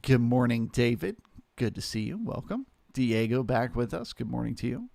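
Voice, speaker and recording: A man with a mid-range, slightly gravelly voice talks through price levels in an unhurried, conversational way, greeting viewers by name as he goes. The sound is dry and close, with no room echo. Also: medium pitch, darkish tone. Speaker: trading stream host. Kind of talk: live market commentary.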